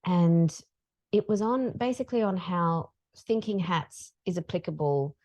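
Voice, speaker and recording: A middle-aged woman speaks as a podcast guest, spinning an anecdote in a relaxed, chatty way. Her voice sits a little low but moves freely, and she slips into other people's words as she tells it. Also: a little slow. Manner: animated, acts out dialogue in her stories. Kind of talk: casual storytelling.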